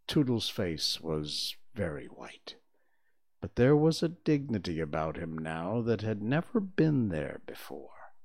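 A man reading a children's storybook aloud in an expressive, theatrical storytelling manner. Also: sits low, slow pace. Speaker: reader.

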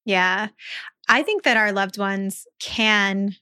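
A woman in her thirties co-hosting a podcast, talking in a relaxed, reflective way about spiritual signs and advice, often restarting her thoughts. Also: medium pitch, slow pace, clear, resonant tone. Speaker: podcast co-host. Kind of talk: casual conversational podcast chat.

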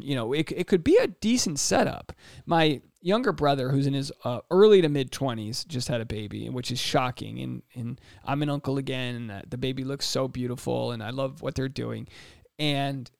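A man's voice: a little high, no echo, clean studio sound. A man in his mid-thirties hosting a solo podcast, reading listener questions aloud and giving casual, joking advice. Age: 30s. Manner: casual, jokey advice with quick asides. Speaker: podcast host. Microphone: podcast mic in a home studio.

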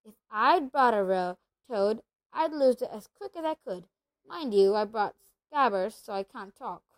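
A woman reading a storybook aloud and voicing an excitable, blunt young boy wizard in a slightly lower, eager tone. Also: unhurried. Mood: offhand.

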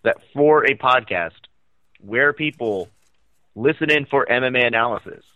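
Man, podcast co-host, bright tone, teasing deadpan delivery, dry muffled recording. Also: medium pitch, moderate pace, no room sound. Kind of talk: casual podcast chat.

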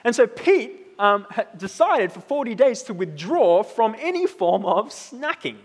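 A man in his thirties preaching a sermon in a relaxed, conversational way, often checking in with "right?". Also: high-pitched, a little slow, husky, big-room sound. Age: 30s. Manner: conversational, tag questions like "right?".

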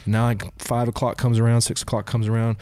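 A man speaking candidly and emotionally about his struggles, halting and repeating himself, filling his talk with "man" and "dude". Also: mid-range voice, level tone, a little mellow, dry recording. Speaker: guest. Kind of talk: candid confessional conversation.

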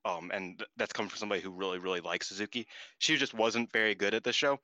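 Excitable guy cohosting a podcast, bright voice, dry close mic. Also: fairly low pitch, quick pace, no echo. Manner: excitable, laughing, swearing, voice jumping up in disbelief. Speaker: podcast co-host. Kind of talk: casual chat recapping wrestling.

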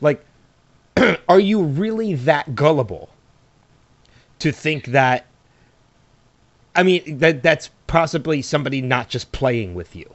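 A man's voice: on the high side, lively intonation, slow, pauses often, dry recording. A man chatting casually about a TV episode, laughing a lot and repeating himself as he builds a point. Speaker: podcast co-host. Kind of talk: casual TV recap chat. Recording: dull, lo-fi dry recording.

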